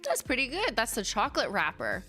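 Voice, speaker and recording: A woman's voice: on the high side, wildly swooping pitch, brisk, bright, forceful tone, soft background music. A woman hosting a casual livestream, reading viewer letters aloud with wry asides and frequent laughter. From Canada. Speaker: host reading viewer mail.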